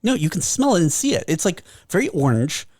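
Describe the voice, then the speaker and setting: Animated man telling a pet story. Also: sits high, a little fast, husky, no echo, studio quality. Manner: animated storytelling, acts out his cats' voices. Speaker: podcast co-host. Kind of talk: casual chat.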